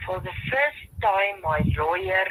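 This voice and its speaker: A caller from South Africa with a South African accent and Afrikaans as a first language, talking earnestly and emotionally with halting restarts. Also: medium pitch, lively intonation, pushed and bright, slight background noise, poor audio. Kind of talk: phone-in conversation.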